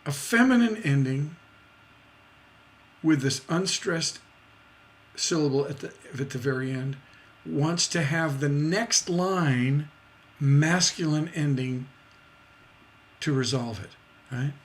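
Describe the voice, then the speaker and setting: Teaching songwriting during a livestream, a man speaks slowly in a slightly high voice, with long pauses. He keeps things casual with many fillers and restarts, singing out rhythms through beat sounds.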